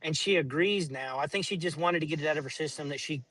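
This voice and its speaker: A man's voice: on the high side, fast, a bit bright, dry recording, rough recording. Blunt rambling man, close dry mic. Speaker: caller telling a family story. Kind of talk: casual debate chat.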